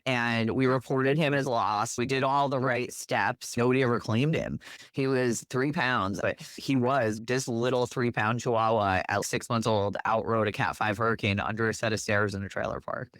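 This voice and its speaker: A woman from New Jersey telling a story as an interview guest, lively, acting out the quotes with big jumps in her voice. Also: very deep voice, normal speed, no room sound, studio quality. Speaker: guest, animal rescue worker.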